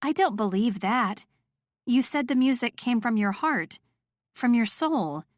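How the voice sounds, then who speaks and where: A woman narrating a first-person romance audiobook in a steady, clear storytelling voice. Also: fairly high pitch, measured pace, no echo, clean studio sound.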